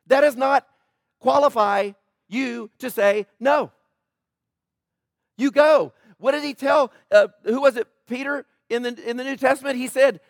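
High-voiced male pastor preaching conversationally. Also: normal speed, dry recording, studio quality. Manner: conversational preaching, often asking the congregation "right?"; animated, with jokes and asides to the congregation. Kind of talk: sermon.

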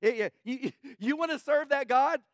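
A man preaching a sermon, animated, with stammered restarts and sudden drops to a low, quiet delivery. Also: moderate pace, no echo, studio quality. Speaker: pastor.

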